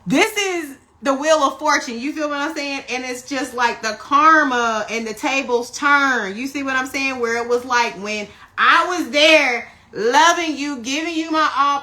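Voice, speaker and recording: A woman giving a casual spiritual tarot reading on a phone live stream, animated and profane, who keeps checking in with her listeners. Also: high voice, moderate pace, hardly any pauses. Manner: animated, profane, keeps asking "you see what I'm saying". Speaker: tarot reader.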